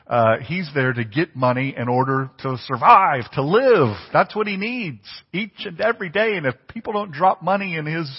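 A pastor preaches a sermon conversationally, putting questions to the congregation. His voice sits a little high and sounds slightly rough. The church recording is dull and lo-fi, with a long reverb tail.

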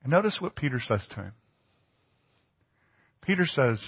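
Pastor, male, preaching informally and quizzing the congregation; breathy tone, echoing church hall. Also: mid-range voice, very animated, moderate pace. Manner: conversational preaching, asks the congregation questions. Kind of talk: sermon. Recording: dull lo-fi church recording with long reverb.

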